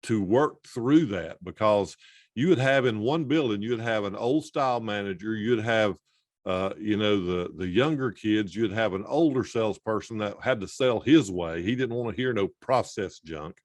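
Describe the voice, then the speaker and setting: A man's voice: fairly low pitch, normal speed, no room sound. A man answering as a podcast guest, speaking hesitantly and reflectively with many fillers. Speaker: podcast guest, sales trainer. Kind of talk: casual interview answer.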